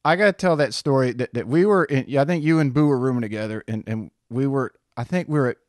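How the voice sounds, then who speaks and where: A man's voice: mid-range voice, fast, no room sound. Chatty male podcast host, dry sound. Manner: friendly, chatty storytelling with laughs and restarts. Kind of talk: casual chat.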